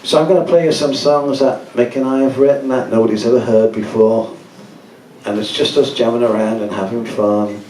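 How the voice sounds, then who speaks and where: A musician addresses a gallery audience at a book event in a casual talk, telling loose, laughing stories. His mid-range voice has a dark tone and steady delivery at a brisk pace. Heard from afar in an echoey space, the audio has a little hiss or hum.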